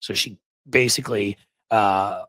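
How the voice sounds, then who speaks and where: A man hosting political commentary in a sarcastic, mocking, animated way. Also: on the low side, measured pace, no echo.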